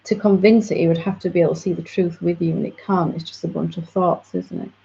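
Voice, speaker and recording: A woman's voice: lowish voice, fairly even intonation, quick pace, gravelly, mellow. A woman spiritual teacher patiently explaining to a student in a reflective satsang dialogue. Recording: dull lo-fi audio.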